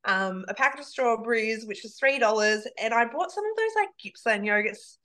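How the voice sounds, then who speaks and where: A woman's voice: fairly high pitch, expressive, moderate pace, bright, forceful tone. A woman presenting an online cooking demo, bubbly and rambling.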